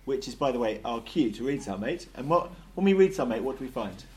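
A man leading an interactive Bible study, lively and jokey, asking the group questions. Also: medium pitch, brisk.

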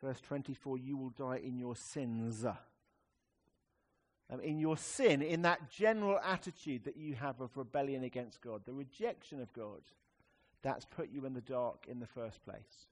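A man preaching a sermon in a conversational, wry way, swinging between emphatic rises and quiet, serious drops. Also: medium pitch, moderate pace.

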